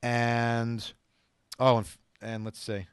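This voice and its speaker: A man's voice: medium pitch, completely flat delivery, takes it slowly, smooth. A middle-aged man talks casually in a mid-range voice, rambling through his advice with frequent ums and restarts. The sound is dry and close, with no room echo. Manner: rambling, chatty, many fillers and restarts. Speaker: show host giving diet advice. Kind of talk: casual talk to camera.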